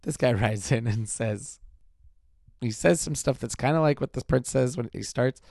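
A man's voice: mid-range voice, moderate pace, vocal fry, a little mellow, dry recording, studio quality. A man who teaches, chatting casually and laughing, mimicking lines in quotes. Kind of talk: casual chat.

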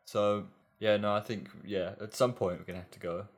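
A man's voice: on the low side, fairly even intonation, a little fast. A man co-hosting a podcast, chatting casually and musing in a hesitant way that repeats words. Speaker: podcast co-host. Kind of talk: casual chat.

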